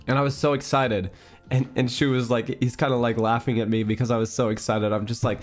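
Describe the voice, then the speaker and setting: A man's voice: medium pitch, little pitch movement, brisk, soft background music. A man streamer telling a story in a casual chat stream. He rambles, fills his talk with fillers, and giggles often.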